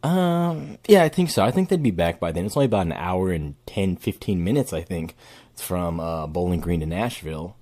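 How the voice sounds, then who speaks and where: Guy ranting over a clip, husky voice bouncing all over, cussing and cracking himself up. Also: deep voice, expressive, moderate pace, warm tone. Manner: mocking, swears a lot, laughs at his own jokes. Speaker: streamer reacting to a video. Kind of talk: crude casual reaction commentary.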